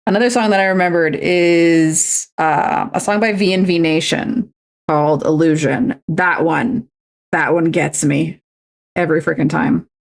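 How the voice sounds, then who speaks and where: A woman with a low, gravelly voice talks at a steady, slightly slow pace. She's a streamer cross-stitching at home, chatting casually and rambling through stories while poking fun at herself.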